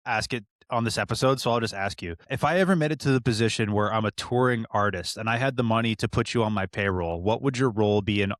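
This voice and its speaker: A man's voice: lowish voice, fast talker, hardly any pauses, no room sound, clean studio sound. A Canadian man co-hosting a podcast, chatting casually, laid-back, swearing and laughing often. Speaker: podcast co-host, music producer. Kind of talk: casual chat.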